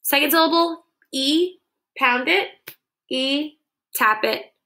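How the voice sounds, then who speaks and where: A woman's voice: high-pitched, slow, bright, forceful tone, low-quality recording. A young woman teaching children a phonics dictation lesson, sounding out words syllable by syllable into her phone.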